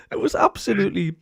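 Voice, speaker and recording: High-pitched, creaky, and slightly rough, this host's voice comes through a dry, studio-quality recording. With his Sunderland accent, he animatedly tells stories on a casual podcast, laughing and quoting voices.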